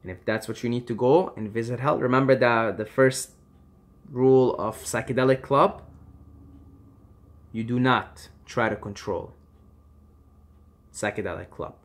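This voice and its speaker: A man giving impassioned advice to camera, emphatic and swearing freely, swinging between loud urging and quiet reassurance. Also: mid-range voice, measured pace, long pauses. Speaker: vlogger.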